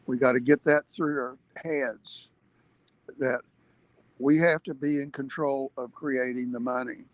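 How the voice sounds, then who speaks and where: A man's voice: medium pitch, fairly even intonation, measured pace, dry recording, muffled recording. A man giving an earnest livestream advocacy talk, explaining step by step with emphatic points and hesitant fillers. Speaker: activist speaker.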